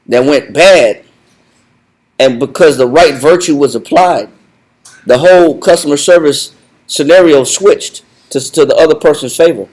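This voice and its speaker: Animated man teaching a Bible study. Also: on the high side, low-quality recording. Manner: animated, repetitive, laughs often. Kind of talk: conversational teaching.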